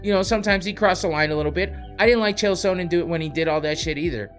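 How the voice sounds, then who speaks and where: A man's voice: high-pitched, rapid-fire, fairly bright tone, faint music behind. A man hosting a podcast, ranting in a heated, profane way. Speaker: podcast host. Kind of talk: casual podcast rant.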